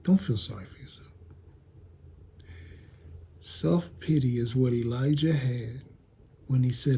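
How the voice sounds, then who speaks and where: A man preaching a sermon at a midweek Bible study, swinging between raised, rhythmic preaching and a hushed near-whisper. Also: medium pitch, takes it slowly, pauses often, a little hiss or hum. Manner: repetitive, rhythmic phrasing. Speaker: pastor.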